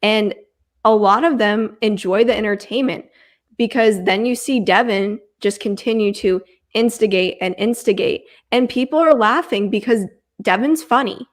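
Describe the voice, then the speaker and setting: A woman's voice: medium pitch, normal speed. A woman co-hosting a reality show recap in a casual chat, giving firm opinions on the cast's choices.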